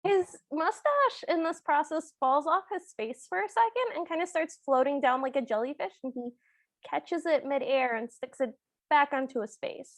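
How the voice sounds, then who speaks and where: High-voiced wry woman co-host. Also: dry recording, studio quality. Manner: wry, laughing, quick asides. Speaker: podcast co-host. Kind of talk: casual podcast chat.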